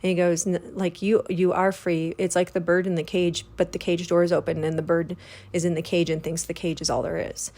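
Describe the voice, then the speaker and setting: A woman's voice: fairly low pitch, level tone, fairly quick, warm tone. A woman hosting a spiritual podcast, relaying a spirit guide's words in a chatty, earnest, casual monologue with the odd swear word.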